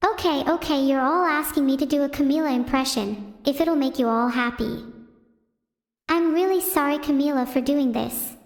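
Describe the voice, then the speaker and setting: A synthetic female voice doing deadpan stand-up comedy on a stream, chatting with viewers. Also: high voice, normal speed. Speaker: AI streamer host. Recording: roomy reverberant sound.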